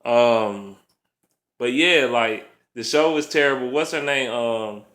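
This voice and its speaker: A man's voice: medium pitch, takes it slowly, fairly bright tone. A man delivering a blunt, profane casual rant as a vlogger, laughing often. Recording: roomy echo.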